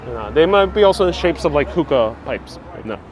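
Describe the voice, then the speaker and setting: A man's voice: fairly high pitch, lively intonation, fairly quick, a crowd in the background. A man hosting a casual live-stream walking tour outdoors on city streets, chatting away and reading out viewer comments with frequent laughs. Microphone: wireless clip-on mic with phone on gimbal.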